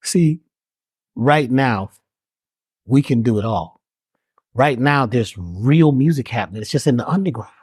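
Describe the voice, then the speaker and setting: A man guest telling a folksy parable with a preacher's emphasis. His pitch swings widely as he builds his points. The audio is dry and close-miked. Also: animated, measured pace, long pauses, darkish tone, husky, no echo. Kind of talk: conversational storytelling.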